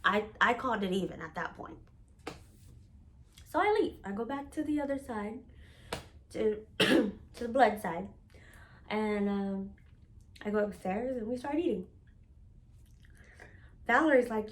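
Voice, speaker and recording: A young woman telling a personal story in a casual, profane, animated way, acting out the lines of the people in it. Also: medium pitch, unhurried, long pauses, a little hiss or hum. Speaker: storytelling vlogger.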